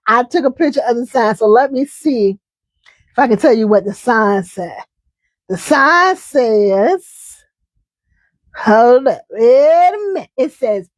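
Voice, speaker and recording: A woman hosting a live chat in a high voice, chatty and emphatic, often repeating a point twice. The sound is dry, with no room echo around her. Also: expressive, measured pace. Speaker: host.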